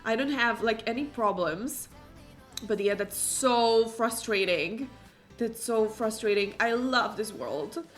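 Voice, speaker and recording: A woman streamer chatting casually through a gameplay session, exclaiming often and filling pauses with "like" and "um". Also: fairly high pitch. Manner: chatty, exclamatory, many fillers. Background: faint game music.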